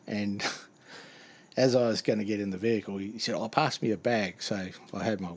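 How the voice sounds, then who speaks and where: A man's voice: on the low side, steady tone, moderate pace, breathy edge. A man telling a funny work anecdote in a casual chat, acting out the other voices and laughing often. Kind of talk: casual storytelling.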